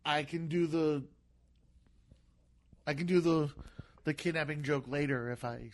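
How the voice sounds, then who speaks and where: A man with a fairly high, soft voice chats as a comedian guest on a podcast. He rambles, repeats words and keeps restarting his sentences. His voice sounds gentle rather than tough. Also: steady tone, unhurried. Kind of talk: casual podcast chat.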